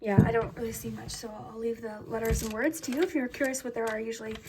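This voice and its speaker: A woman's voice: on the high side, fairly even intonation, fast talker, background noise. Giggly, flustered woman reading tarot. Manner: giggly, flustered, with many fillers and restarts. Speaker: tarot reader. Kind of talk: casual tarot reading to camera.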